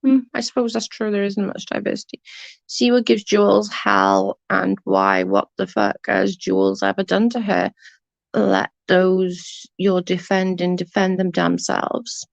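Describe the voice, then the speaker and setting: A woman's voice: mid-range voice, animated, a little slow, creaky, no echo. A woman with an English accent chatting casually on a livestream, blunt and sweary as she answers comments. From England. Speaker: livestream host. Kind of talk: casual live chat reading comments. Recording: dull dry lo-fi stream audio.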